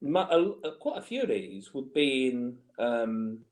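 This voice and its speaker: A man in his forties, a guest in a casual football chat, talking in a lively, animated way. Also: medium pitch. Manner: lively, animated, quick to laugh along.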